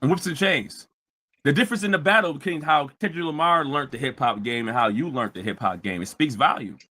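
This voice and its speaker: A man hosting a live-streamed talk show, ranting heatedly and mockingly, repeating himself and often breaking into shouts. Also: a little high, a little fast. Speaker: show host. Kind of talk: live-streamed commentary rant.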